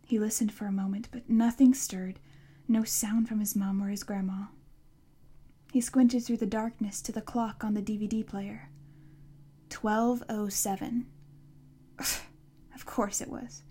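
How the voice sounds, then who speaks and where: A woman narrating an audiobook in a hushed voice that drops to a whisper in tense passages. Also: mid-range voice, fairly even intonation, measured pace, pauses often, breathy edge.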